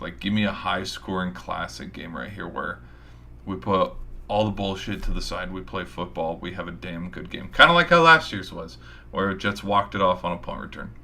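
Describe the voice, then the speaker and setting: A man's voice: low voice, bright, forceful tone. A man hosting a sports show, rambling through casual game predictions with hype and mild swearing, his voice a little tired. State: tired, voice giving out.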